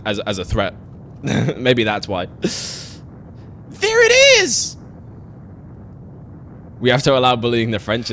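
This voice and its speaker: A man's voice: mid-range voice, fairly bright tone, slight background noise. A young man streaming a game, chatting casually, rambling, swearing and laughing often while he talks to his chat.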